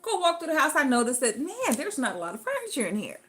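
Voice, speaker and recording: A woman's voice: sits high, quick pace. A woman, telling a story casually and dramatically. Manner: animated, dramatic, acts out voices in her story. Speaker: storyteller vlogger.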